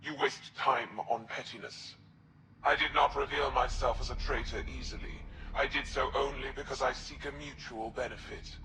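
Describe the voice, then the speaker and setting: An actor playing a scheming alien traitor who speaks in a solemn, measured way. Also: male voice, mid-range voice, steady tone, background noise, lightly acted. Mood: cold solemn. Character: scheming alien Kett traitor, cold and formal. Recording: echoey game audio over loud music.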